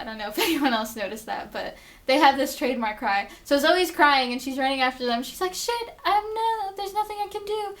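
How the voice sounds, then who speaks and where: A woman's voice: high-pitched, a bit bright. A woman recapping a TV episode in a casual, gushing way, swearing a lot and saying "like" often. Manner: gushing and profane, lots of "like" fillers. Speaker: vlogger reviewing a TV episode.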